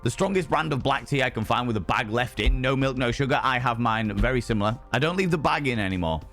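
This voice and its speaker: A man hosting a livestream and chatting casually with viewers, slightly hoarse and husky from drinking, theatrical and flamboyant, often leaping into high mock voices. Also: expressive, quick pace, a bit bright, faint music behind. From Ireland. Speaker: livestream host. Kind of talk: casual chat reading viewer messages.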